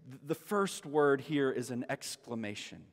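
A man's voice: medium pitch, expressive, a little slow, in a large hall. A man preaching a sermon as a pastor, emphatic, repeating key phrases and rising to exclamations. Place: church sanctuary.

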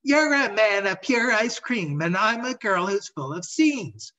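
A man's voice: high voice, expressive, measured pace, bright, forceful tone, voice pushed up, heavily acted. A man voicing a squealing, rhyming patchwork rag-doll girl. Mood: gleeful. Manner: sing-song rhyming, squealing.

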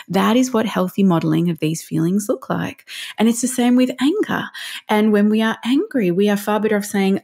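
A woman, a parenting counsellor speaking as a podcast guest, earnest and animated, often acting out what parents and children say. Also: medium pitch, normal speed, creaky. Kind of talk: casual interview chat.

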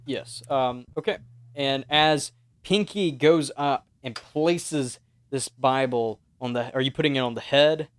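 A man's voice: mid-range voice, clean tone. Man narrating a tabletop horror game. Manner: measured, descriptive narration. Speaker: game master.

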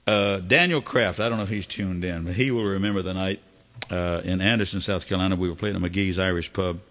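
A man's voice: deep voice, fairly even intonation, a little fast. A man, a singer and guitarist hosting a live music stream, telling a story between songs in a folksy, chuckling way. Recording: with loud guitar music behind.

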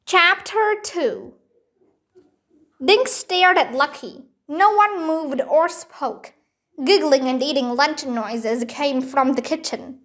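A woman reading a children's mystery book aloud, slow and careful. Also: high voice, lively intonation, a bit bright. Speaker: storybook reader.

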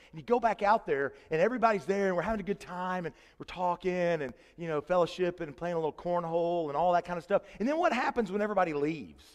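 A man's voice: on the high side, big-room sound. A middle-aged man preaching a conversational sermon in a church, chatty and joking, with many restarts. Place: church sanctuary.

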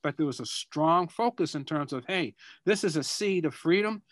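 Speaking as a guest on a video call, an older Boston man with the local accent responds to students' questions, pausing reflectively and repeating words while he hunts for the right one. His voice is a little high with lively intonation. The recording is dry.

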